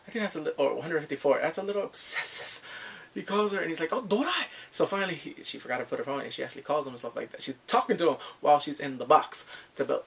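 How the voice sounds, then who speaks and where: A man giving a casual, animated recap of a drama, acting out the characters' lines in sudden squeals. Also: fairly high pitch, vocal fry, slightly rough. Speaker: drama reviewer.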